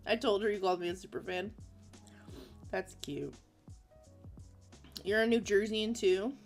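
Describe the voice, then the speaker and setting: A woman's voice: mid-range voice, expressive, takes it slowly, long pauses, faint music behind. A woman in her thirties from Florida, chatting casually on a livestream while drawing, reading chat aloud and laughing often. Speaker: livestream artist host.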